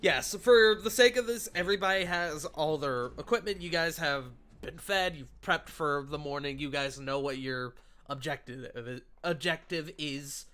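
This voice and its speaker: Man narrating as game master, bright voice, slightly high, casual and animated, music behind. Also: measured pace.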